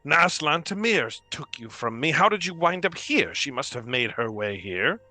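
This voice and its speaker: A man's voice: on the high side, very animated, moderate pace, bright, forceful tone, soft background music, exaggerated voice. A man voicing Valian, an adventurer woman who is startled to find an old acquaintance, in a tabletop game. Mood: startled, questioning. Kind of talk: tabletop role-play voice.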